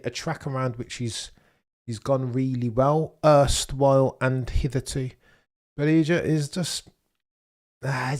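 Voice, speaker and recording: A man's voice: mid-range voice, a little mellow. A young man hosting a casual live watchalong stream, chatting and answering viewers' messages as he talks. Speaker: livestream host.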